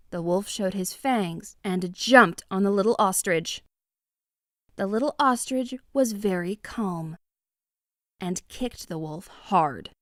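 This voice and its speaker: A woman's voice: mid-range voice, no room sound, studio quality. A woman narrating a children's picture book expressively. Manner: expressive, lively. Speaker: storybook narrator. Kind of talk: children's story reading.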